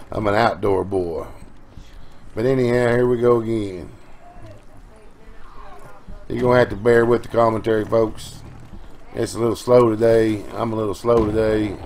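A middle-aged man talks over his gameplay in a lowish voice, sounding tired from no sleep. He rambles in a folksy way, swears freely, and breaks into quick outbursts. Faint noise sits under the recording. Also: darkish tone. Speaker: gaming channel host.

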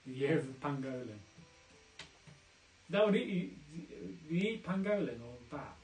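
Quiz host man, upbeat and tangent-prone, slightly high voice, echoey room, faint music. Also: lively intonation, normal speed, a little mellow. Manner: chatty, jokey, goes off on tangents. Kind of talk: live online pub quiz hosting.

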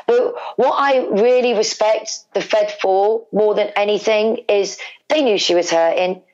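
The recording is muffled as a middle-aged woman from England, medium-pitched and measured, relates an emotional family story as an interview guest. She's lively in the telling, repeating words and performing her family's lines.

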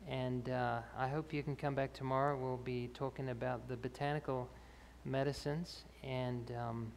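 A man with a gravelly, creaky voice explains answers after a health talk, pausing on fillers and restarting his sentences. His voice rings through a reverberant church hall over a faint background hum. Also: medium pitch, flat delivery. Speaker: health speaker.

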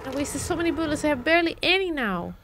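A woman's voice: high voice, sing-song, fast, background noise. A woman streamer chatting casually and reacting aloud as she plays a game live. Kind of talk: live gameplay commentary.

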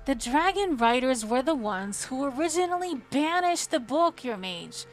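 A woman's voice: medium pitch, expressive, slow pace, a bit bright. A woman voicing a defiant young male mage who argues urgently.

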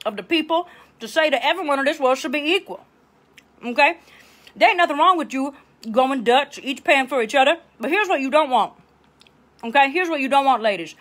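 A woman plays a middle-aged Southern hostess with a Louisiana drawl, handing out bossy life tips on a comedy livestream. Her voice sits high, and she chatters in loose tangents, checking in with her viewers. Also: fairly bright tone. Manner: chatty, bossy, tangents, keeps asking okay. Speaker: host of a live advice show.

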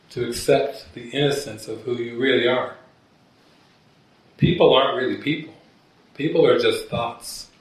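A man, a spiritual teacher, telling stories to a gathering and often laughing at his own jokes. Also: medium pitch. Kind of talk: talk to a gathering. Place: meeting hall at a gathering. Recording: very echoey room, voice from far off.

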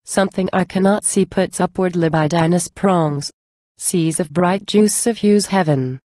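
A woman recites poetry in a measured, declamatory way. Her voice sits a little low and sounds mellow and dark, and the recording is close and dry with no room sound. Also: no room sound. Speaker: reader.

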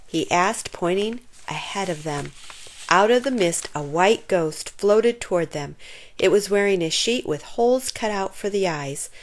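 A woman reading a children's chapter book aloud, narrating expressively and giving the characters lively voices. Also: lowish voice. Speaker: storyteller.

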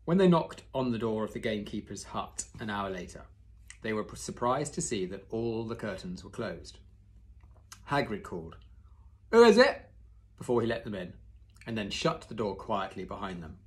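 A man's voice: on the low side, normal speed. Man reading a story aloud. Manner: steady storytelling, corrects his own slips. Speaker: reader.

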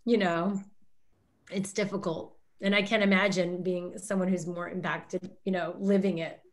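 A woman's voice: fairly low pitch, fairly even intonation, normal speed. A woman from Canada hosting a panel talk over a video call, speaking openly and emotionally, her voice lifting when she is moved. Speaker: host.

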